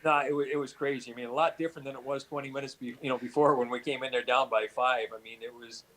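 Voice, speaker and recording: A middle-aged man from Canada recalls his playing days in a loose, rambling way. His voice sits at an ordinary pitch, and his stories keep restarting, padded with "you know" fillers. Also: steady tone, fast talker, a bit bright, poor audio. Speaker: guest, former hockey player. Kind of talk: storytelling interview answers.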